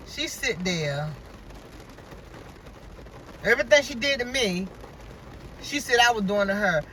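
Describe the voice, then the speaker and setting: A man's voice: high-pitched, very animated, measured pace, bright, forceful tone, slight background noise, rough recording. A man in his fifties telling a story to viewers in an emphatic, repetitive, casual way. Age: 50s. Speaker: vlogger.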